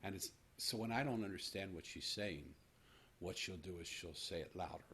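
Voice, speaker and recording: A man's voice: low-pitched, moderate pace, fairly bright tone, slight background noise. A man in his sixties, a podcast host telling a personal story to his guest in an earnest, reflective way. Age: 60s.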